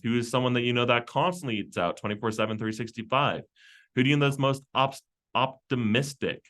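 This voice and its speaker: A man leading a team meeting, rattling off a long list of quick questions with frequent fillers. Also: mid-range voice, pushed and bright. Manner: rapid-fire questions with fillers. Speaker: team leader. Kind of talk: brainstorming prompts at a team meeting.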